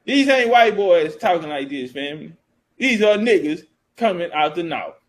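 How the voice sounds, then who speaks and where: A man's voice: high-pitched, lively intonation, moderate pace, poor audio. A man giving casual history commentary, reading source passages aloud and riffing on them in loose, profane street talk.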